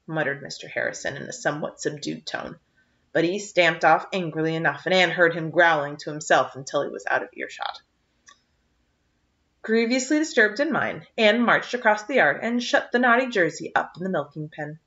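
A woman reading a novel aloud, narrating a chapter in a steady, even-paced way on a dull lo-fi recording. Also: low-pitched, normal speed, distant mic. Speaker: reader. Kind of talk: audiobook narration.

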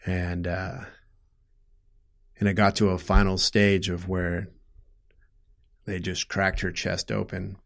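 Middle-aged man, lowish voice, interview guest; halting, emotional storytelling, gets heated. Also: little pitch movement, vocal fry. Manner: emotional, halting, restarts often, grows loud when upset. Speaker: guest telling his story.

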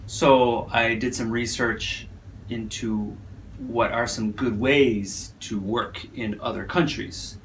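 Animated American man telling stories. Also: medium pitch, takes it slowly, slight background noise. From United States. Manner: animated, acts out sounds and voices in his stories. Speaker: university English teacher. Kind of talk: casual storytelling.

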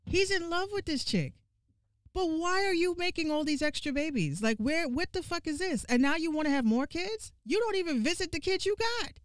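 A woman giving casual gaming commentary, ranting in an animated, profane and exasperated way and repeating lines for emphasis. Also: very high voice, a little fast, hardly any pauses, dry recording, studio quality.

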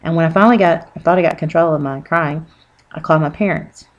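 A woman telling an earnest, rambling personal religious testimony with many pauses and fillers. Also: low-pitched, muffled recording. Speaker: Christian testimony speaker.

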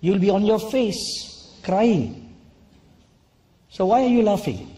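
Male preacher, fairly high voice, slow and deliberate sermon delivery, sometimes scolding. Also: lively intonation, mellow. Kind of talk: sermon with personal testimony.

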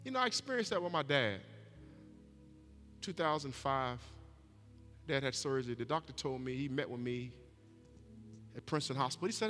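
A man's voice: medium pitch, animated, moderate pace, long pauses, sharp tone. A middle-aged man preaching a sermon as pastor, folksy and emphatic, often repeating his words. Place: church sanctuary. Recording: long church reverb with faint music.

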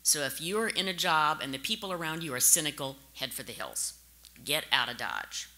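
Bright-voiced American woman giving a speech. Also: sits low, sing-song, normal speed. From St. Louis, USA. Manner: direct, anecdotal, conversational. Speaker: conference speaker. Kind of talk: conference speech.

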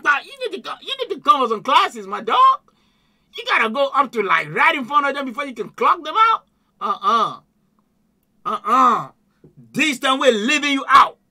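An excitable man hosting a music reaction, shouting and laughing his way through slangy commentary. His voice sits very high and bounces around a lot. It has a sharp, piercing edge. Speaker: YouTube music reaction host.

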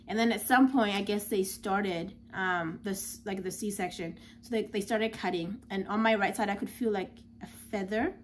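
A woman's voice: medium pitch, moderate pace, hardly any pauses, slight background noise. A young woman, a new mother, telling a personal story in a casual, chatty way with lots of filler words.

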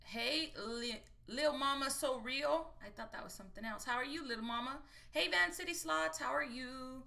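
A woman's voice: high-pitched, normal speed, creaky, bright, forceful tone. A woman from Texas hosting a casual live stream from her phone at a table, upbeat and greeting viewers by name one after another. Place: at a table indoors.

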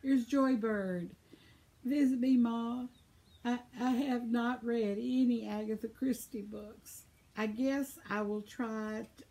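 A woman in her seventies with a slightly high, gravelly, darkish voice reads viewer comments aloud in a casual vlog chat. She's chatty and laughs often, though she's losing her voice.

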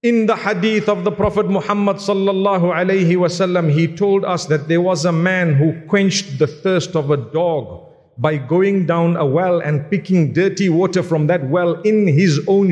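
A man's voice: high-pitched, a little mellow. A man preaching a sermon, earnest and exhorting, telling stories with quoted dialogue. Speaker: Islamic preacher. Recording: long hall reverb.

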